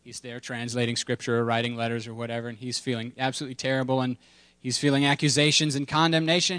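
A man's voice: medium pitch, steady tone, quick pace, a bit bright, dry recording. A man preaching a sermon in a conversational, humorous way, with playful asides and emphatic repetition. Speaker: pastor.

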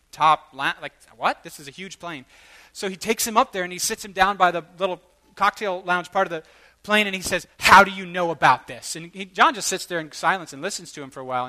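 A man preaching, telling a story with lively acted-out quotes that swell into loud bursts. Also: high-pitched. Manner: animated, acts out quoted voices, rising to loud bursts. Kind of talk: sermon storytelling.

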